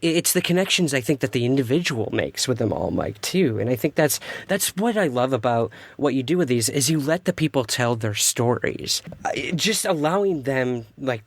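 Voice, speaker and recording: A man's voice: medium pitch, animated, moderate pace, no echo. A man hosting a podcast interview, reflecting on the guest's stories in a thoughtful way. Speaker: podcast host. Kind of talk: casual interview chat.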